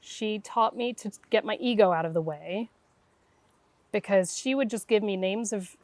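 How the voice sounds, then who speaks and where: This is a middle-aged woman, a guest intuitive, with a mid-range voice at a moderate pace and no room sound. She relates her story conversationally, animated and performing the voices of those involved.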